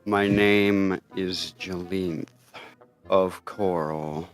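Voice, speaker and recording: A man voicing a serious hermit character, slightly deeper and scratchier than his own voice. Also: fairly even intonation, drawn-out words, soft background music. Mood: solemn.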